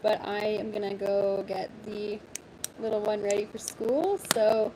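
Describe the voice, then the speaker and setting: A woman's voice: medium pitch, flat delivery, unhurried, noisy background. Chatty Canadian woman live-streaming by phone. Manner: chatty and self-deprecating, laughs often, swears casually. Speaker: livestream host. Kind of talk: casual live-stream chat with viewers.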